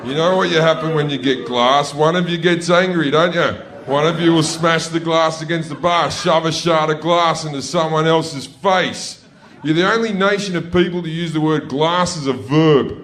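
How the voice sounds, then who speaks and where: A middle-aged man performing a stand-up comedy routine on a comedy club stage, brash and profane, with sudden shouted outbursts. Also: on the high side, moderate pace, a little hiss or hum.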